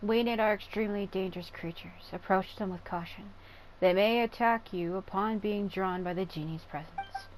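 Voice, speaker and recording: A woman's voice: medium pitch, moderate pace, a little hiss or hum, natural voice, poor audio. A woman voicing a stern desert clan matriarch. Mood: warning. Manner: formal, commanding. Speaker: tribe leader.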